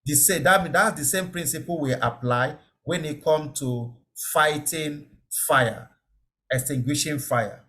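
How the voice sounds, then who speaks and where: A man's voice: fairly high pitch, measured pace, bright, forceful tone. A man giving an online safety lecture, explaining step by step, repeating key words and checking that listeners understand. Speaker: safety trainer.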